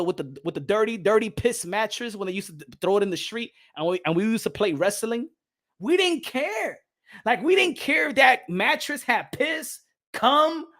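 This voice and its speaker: A man in his twenties hosting a boxing channel livestream in casual chat. He is rowdy, laughs a lot and often shouts. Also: very high voice. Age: 20s.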